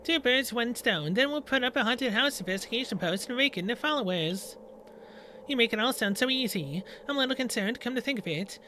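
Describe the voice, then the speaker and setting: A man's voice: extremely high pitch, lively intonation, a little fast, pushed and bright, a little hiss or hum. A man playing through a story game, reading its dialogue aloud and adding sarcastic asides. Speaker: gaming video creator.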